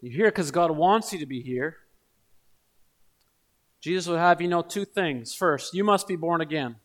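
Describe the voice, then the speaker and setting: A man's voice: fairly high pitch, expressive, moderate pace. A man preaching a sermon in an earnest manner, building to emphatic repeated appeals.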